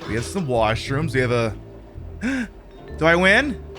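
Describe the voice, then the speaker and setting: A man streaming a game, joking and talking back at it, swinging from loud outbursts to low mumbled asides. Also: sing-song, slow, soft background music. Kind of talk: casual game commentary.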